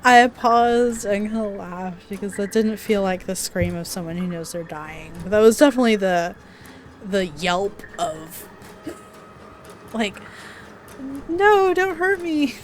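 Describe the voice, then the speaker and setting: A woman's voice: mid-range voice, moderate pace, faint music behind. A woman playing a visual novel, reading the story aloud with dramatic narration and dropping into casual asides. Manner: dramatic read-aloud broken by chatty asides and laughs. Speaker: let's play player.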